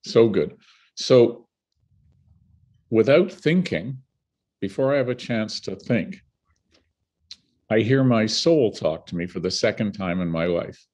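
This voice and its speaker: Older canadian guy, husky lowish voice, tells stories and acts out what people said. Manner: animated storyteller who acts out the people he quotes. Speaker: guest filmmaker. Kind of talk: storytelling in a conversational interview.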